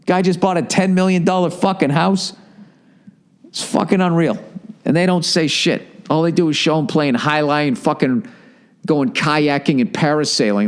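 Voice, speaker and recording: Loud, swearing comedian ranting. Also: male voice, a little high, normal speed. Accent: Boston. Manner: swears constantly, mocking put-on voices. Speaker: podcast host. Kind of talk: profane comedic rant.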